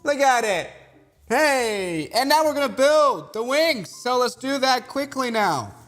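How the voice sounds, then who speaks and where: Lively, high-voiced Swiss man streaming. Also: a little slow, soft background music. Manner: self-mocking, exasperated, chatty with viewers. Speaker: streamer building a model kit. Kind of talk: casual live-stream chat.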